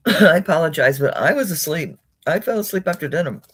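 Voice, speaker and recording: A woman's voice: sits low, animated, brisk, slightly rough. Sleepy woman chatting on a live stream. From United States. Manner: sleepy, yawning, chatty, greets viewers by name. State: drowsy. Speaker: jewelry livestream seller. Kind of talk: casual live-stream chat. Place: home, indoors.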